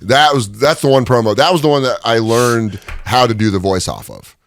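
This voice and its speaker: A male stand-up comedian, appearing as a guest in a podcast studio, tells stories casually during an interview at normal speed. He is animated and chatty, acting out quotes with big pitch swings, and the recording has a bit of hiss or hum.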